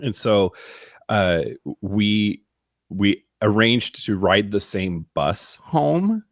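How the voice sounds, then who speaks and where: A man with a very low voice tells his story as a guest in a casual chat. The sound is dry and close. He talks candidly, in quick bursts. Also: lively intonation, no room sound.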